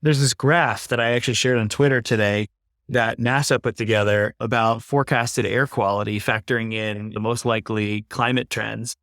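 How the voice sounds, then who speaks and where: A man's voice: mid-range voice, fairly even intonation, normal speed, a bit bright, no echo. Earnest man in his thirties, dry sound. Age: 30s. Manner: earnest, reflective, uses "like" often. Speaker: podcast guest, climate investor. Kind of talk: casual conversation.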